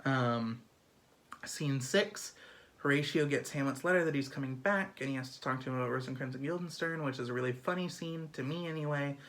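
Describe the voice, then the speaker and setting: A man's voice: medium pitch, a little fast, fairly bright tone. A man giving a casual, chatty summary of a play, full of fillers and acted-out asides. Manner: chatty, filler-heavy, lots of "um" and "like".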